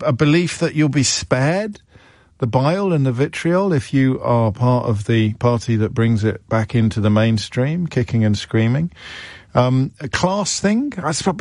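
A man hosting a radio phone-in, delivering sarcastic, mocking commentary. His voice sits at a mid pitch and is recorded close and dry in the studio. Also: a little mellow, no room sound.

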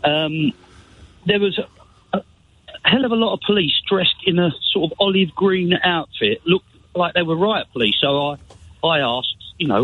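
Husky male caller on a tinny phone line. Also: a little high, normal speed, dry recording. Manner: rambling, hesitant. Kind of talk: phone-in call.

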